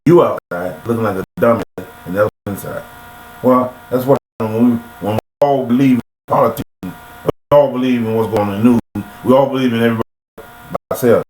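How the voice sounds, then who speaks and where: A man's voice: medium pitch, fairly quick, darkish tone. Guy repeating his life lessons over and over, lots of rhetorical questions, roomy echo and a faint hum. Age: adult. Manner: repetitive, preachy, full of rhetorical questions. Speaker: motivational speaker. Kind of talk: casual motivational monologue. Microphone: computer webcam mic. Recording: echoey room with faint mains hum.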